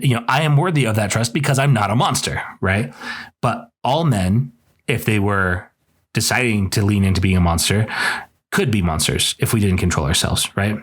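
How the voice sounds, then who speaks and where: Male podcast host reviewing a book, lowish voice, indignant and emphatic. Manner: indignant, emphatic, voice jumps higher when worked up. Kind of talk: casual opinionated book review.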